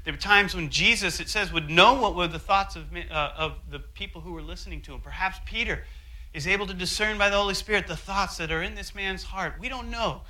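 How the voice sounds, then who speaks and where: Guy giving a sermon, kinda high voice, storytelling, acts out the quotes. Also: a little fast, pushed and bright, rough recording. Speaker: pastor.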